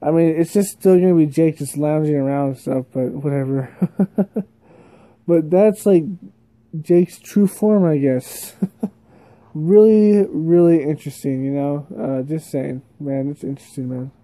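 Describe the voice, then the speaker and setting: A man's voice: a little high, measured pace, warm tone, dry recording. A man chatting casually as a YouTube reviewer, rambling with lots of fillers and little laughs, sounding sleepy. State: sleepy, yawning.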